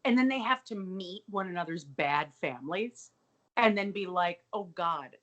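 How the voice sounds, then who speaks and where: A woman co-hosting a comedy podcast, recapping a TV episode in casual, profane, animated chat. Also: medium pitch, moderate pace. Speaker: podcast co-host.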